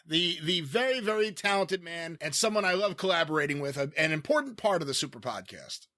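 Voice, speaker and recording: A man hosting a comedy podcast, asking playful deadpan questions. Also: a little high, a little fast, no echo, studio quality. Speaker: podcast host.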